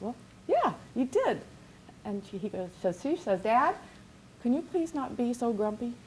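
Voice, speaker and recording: A woman business coach giving an energetic, rambling workshop lecture with many restarts. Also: medium pitch, slight background noise, poor audio.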